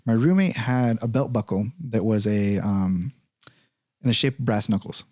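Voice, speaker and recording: A man's voice: on the low side, normal speed, no echo. A man hosting a podcast, telling a story in casual, profane talk and acting out what others said. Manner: profane, animated, acts out quoted voices. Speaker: podcast host.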